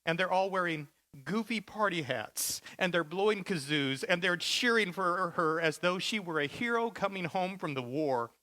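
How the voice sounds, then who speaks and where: A man's voice: high-pitched, expressive, moderate pace, sharp tone. A male pastor preaching a sermon with vivid, dramatic storytelling.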